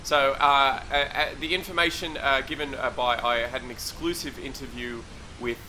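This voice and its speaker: A man's voice: mid-range voice, steady tone, normal speed, sharp tone, a little hiss or hum, poor audio. A man playing a bumbling field reporter who rambles and hesitates with lots of uh and um. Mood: befuddled.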